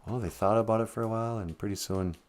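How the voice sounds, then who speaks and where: A man telling a traditional story in a relaxed, conversational way, with dramatic drops in volume. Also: lowish voice, fast talker. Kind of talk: live-streamed oral storytelling.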